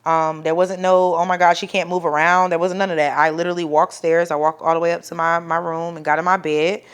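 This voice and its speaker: Animated young woman telling a story. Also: low-pitched, brisk, smooth. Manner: animated, profane, acts out quoted voices loudly; grows soft and quiet when emotional. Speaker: mother telling her birth story. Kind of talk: casual storytelling to camera.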